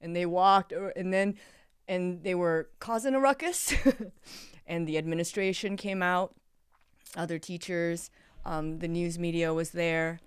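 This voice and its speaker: A middle-aged woman, a former teacher, telling her story as a guest in a podcast interview, acting out her own quoted words with lively energy. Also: fairly low pitch, unhurried, clean tone, no echo, studio quality.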